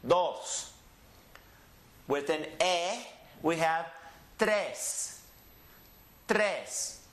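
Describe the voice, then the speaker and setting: In an echoey room, a man with a high, slightly bright voice leads a Spanish lesson in the style of a classroom, speaking with a Southeast Texas accent. He stretches out every word slowly and runs call-and-repeat drills, with learners echoing him.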